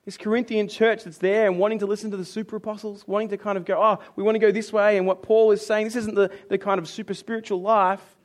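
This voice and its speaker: Male preacher, higher voice, lively sermon delivery that dips low for readings. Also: fast, few pauses. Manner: animated, acts out complaining voices, drops low for scripture.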